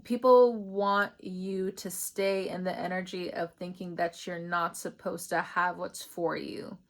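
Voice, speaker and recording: A young woman giving a casual, rambling spiritual reading, chatty and laughing often. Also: on the low side. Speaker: tarot reader.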